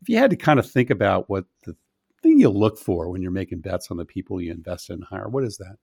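A man's voice: deep voice, sing-song, fast, gravelly, darkish tone, breathy edge, no room sound, clean studio sound. A man hosting a podcast interview, asking questions and answering his guest with short affirmations and easy laughs. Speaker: podcast host. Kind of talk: interview host.

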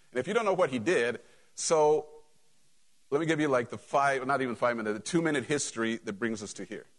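A middle-aged male pastor preaching a sermon, telling a Bible story in a casual, sarcastic way. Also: mid-range voice.

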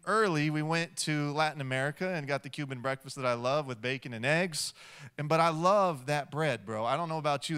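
A man preaching a sermon as pastor, animated, swinging between loud and hushed delivery. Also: fairly high pitch, clear, resonant tone.

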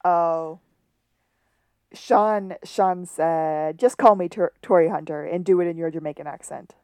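A woman co-hosting a casual podcast, talking through an episode with a slightly low voice. The sound is dry and close, with no room around her. She tosses in quick quoted lines as she retells scenes. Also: darkish tone, dry recording. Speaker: podcast co-host. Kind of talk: casual episode recap chat.

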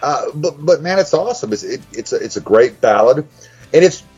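A man's voice: mid-range voice, expressive, moderate pace, a little mellow, slightly rough, dull audio, faint music behind. A man earnestly defending a band's ballad in casual podcast chat, hesitating with fillers. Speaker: podcast co-host. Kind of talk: casual music review chat.

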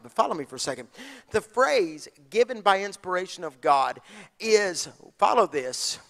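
A man preaching a sermon, moving from hushed asides to shouted, passionate lines. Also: high-pitched, gravelly. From Texas. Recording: long hall reverb.

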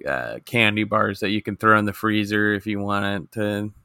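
Man, podcast co-host, crisp smooth tone, dry wit. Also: on the low side, moderate pace, pushed and bright, dry recording. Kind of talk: casual chat about a film.

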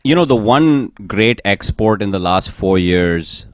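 A man's voice: lowish voice, animated, unhurried, dry recording, studio quality. A man telling rambling comic anecdotes on a podcast, laughing as he goes. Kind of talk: casual comedic storytelling.

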